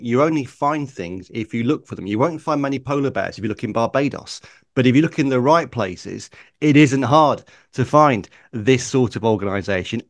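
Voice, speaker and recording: Male guest, northern English, conversational, hesitant fillers, mid pitch, dry booth. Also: no echo. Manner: chatty, many ums and uhs. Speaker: racing journalist guest. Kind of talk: casual interview chat.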